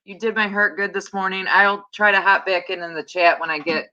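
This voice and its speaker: A woman on a video call, chatting slowly and affectionately, often laughing. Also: medium pitch, steady tone, sharp tone. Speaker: panel guest. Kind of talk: casual chat. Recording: dull lo-fi call audio.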